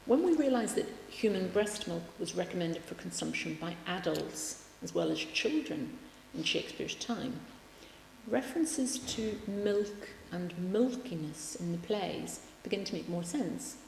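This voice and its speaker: A woman's voice: fairly low pitch, expressive, unhurried, vocal fry, darkish tone. A woman giving a public lecture, wry in tone, reading quotations aloud with emphasis. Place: large lecture room. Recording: echoey hall, faint background hum.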